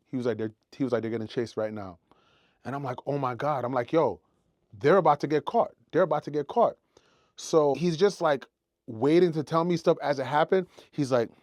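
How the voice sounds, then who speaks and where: A man's voice: mid-range voice, no echo. A man recounts a personal story in a loose, casual storytime manner. He acts out the moments as he goes, his voice in a middle register. The sound is dry and close, with no room around it. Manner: animated storytelling, acts out his own panicked shouts.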